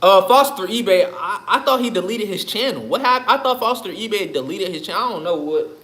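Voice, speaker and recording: A man's voice: sits high, animated, brisk, sharp tone. A man ranting on his livestream in a loose, profane, rambling way, laughing often. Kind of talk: casual livestream rant. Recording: echoey room.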